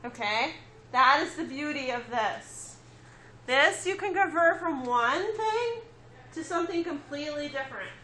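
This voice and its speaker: Echo and faint ambience fill the classroom where a woman teaches chemistry, breaking it down step by step and checking on her students. Her high voice is expressive, bright and forceful, delivered at a measured pace.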